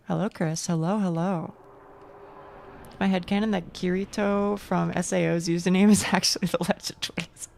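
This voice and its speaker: A woman's voice: fairly low pitch, vocal fry, darkish tone. A young woman streaming a video game to her chat, swearing freely and joking at her own expense. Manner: swears freely, talks to chat, self-mocking. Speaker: VTuber streamer. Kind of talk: casual gaming stream chat.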